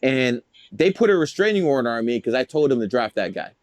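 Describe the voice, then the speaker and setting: A man's voice: medium pitch, sing-song, fairly quick. A man telling stories as a guest in a casual interview, boastful, profane and rambling. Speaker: guest, numerologist.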